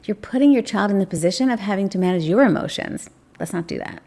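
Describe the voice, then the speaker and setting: Female parenting coach, gravelly low-register texture, calm reassuring delivery, speaks to camera. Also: fast. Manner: gentle, reassuring, acts out sample phrases. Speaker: parenting channel host. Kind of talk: direct-to-camera advice talk.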